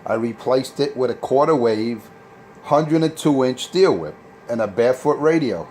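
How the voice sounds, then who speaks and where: A man brags and mocks his rivals over a CB radio, circling back to the same points again and again. His mid-pitched voice comes through the radio with a faint hiss of noise. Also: lively intonation, normal speed, darkish tone. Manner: boastful, repetitive, trash-talking. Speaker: CB radio operator. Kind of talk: CB radio on-air rant.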